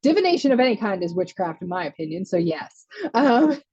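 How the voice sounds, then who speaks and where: A woman's voice: mid-range voice, very animated, a little fast, a little mellow, husky, no room sound, dull audio. A woman giving a chatty live tarot reading, laughing often and answering viewer comments as she goes. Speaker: tarot reader.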